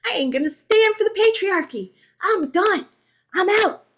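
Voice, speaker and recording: A woman's voice: very high voice, lively intonation, moderate pace, a bit bright, pitched above the performer's own voice. A woman doing a sassy defiant woman. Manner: sassy, emphatic declarations.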